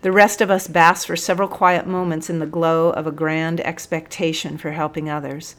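A woman reading a storybook aloud in a steady, expressive narration. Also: sits low, normal speed.

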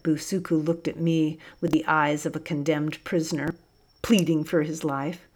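A woman narrating an audiobook in a calm, even way. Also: deep voice, moderate pace.

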